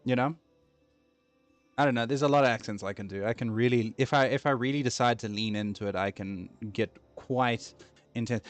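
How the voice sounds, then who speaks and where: A man's voice: mid-range voice, a little fast, no echo, soft background music. A man from Africa, chatting casually and rambling while streaming a game. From South Africa. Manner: rambling, easily distracted.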